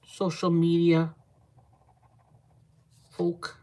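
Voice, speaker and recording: A woman's voice: lowish voice, monotone, extremely slow, mellow, low-quality recording. A woman hosting a casual live stream, rambling and chatting with viewers as she reads their comments aloud. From Canada. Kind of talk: casual live-stream chat while crafting.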